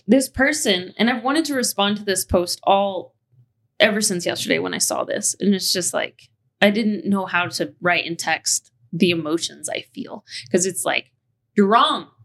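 A woman's voice: medium pitch, normal speed. A woman hosting a podcast, talking in a passionate, heated rant and cussing freely. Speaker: podcast host.

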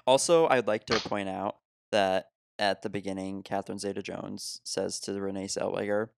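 A man with a low, gravelly voice talks through a film in relaxed, laughing chat. He swears freely and keeps the talk loose. The sound is close and dry, with no room around him. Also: normal speed, dry recording. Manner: laughs often, swears casually. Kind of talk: casual movie-review chat.

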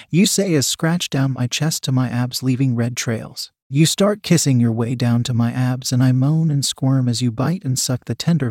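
A man calmly narrating a first-person erotic audio story in an intimate reading voice. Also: medium pitch, no room sound, clean studio sound.

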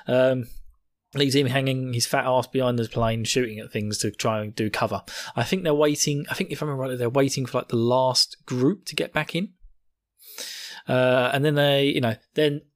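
A man's voice: medium pitch, fairly even intonation, moderate pace. A young man hosting a podcast, rambling through a casual episode recap with frequent laughs. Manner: rambling, jokey, laughs often. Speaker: podcast host.

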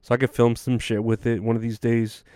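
A man's voice: medium pitch, little pitch movement, fairly quick, warm tone, no room sound, studio quality. A tired man hosting a casual solo podcast, rambling and swearing with lots of fillers and restarts. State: tired, yawning. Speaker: podcast host.

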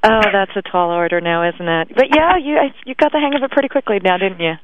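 A woman's voice: medium pitch, expressive, fast talker, very noisy. A woman guest in a radio interview who chats freely, laughs often and restarts her sentences. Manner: chatty, laughing, hesitant restarts. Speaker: guest, magazine editor. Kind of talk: casual interview. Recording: tinny phone line.

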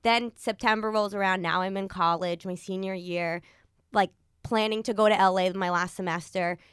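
A woman's voice: medium pitch, steady tone, moderate pace, a bit bright, clean tone, no room sound, studio quality. A woman in her early twenties, a podcast host, telling a personal story in a rambling casual way, full of "like" and quoted thoughts. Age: early 20s. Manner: rambling, lots of likes and quoted inner thoughts.

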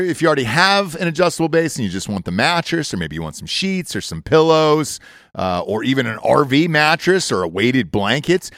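Brash, animated male podcast host. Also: mid-range voice, dry recording, studio quality. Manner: brash, profane, joking. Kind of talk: crude casual chat and ad reads.

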